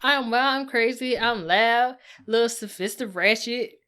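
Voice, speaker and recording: A woman's voice: on the high side, unhurried, fairly bright tone, smooth. A blunt, outspoken woman, swearing freely in casual podcast chat. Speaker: podcast co-host.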